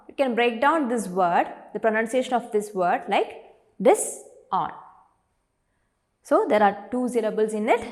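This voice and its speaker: A woman teacher with an Indian English accent, speaking in a fairly high voice. She draws words out slowly to show their syllables and answers her own questions to the class. Her voice carries a long reverberant tail, as if recorded in a large hall. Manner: slow, drawn-out pronunciation of words when showing their syllables; asks the class questions and answers them herself. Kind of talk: online classroom lesson.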